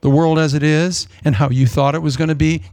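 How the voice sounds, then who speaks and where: A man preaching a sermon in a lively, jokey way, acting out quotes in different voices. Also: on the high side, fairly quick, no room sound. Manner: animated, jokey, acts out quotes.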